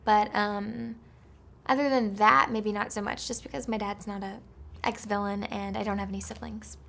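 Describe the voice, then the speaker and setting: A woman's voice: mid-range voice, fairly even intonation, moderate pace, creaky, a bit bright, slight background noise. A woman being interviewed about her voice acting, talking casually with lots of fillers. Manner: chatty, full of fillers like "like" and "um". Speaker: actress interviewed about voice work.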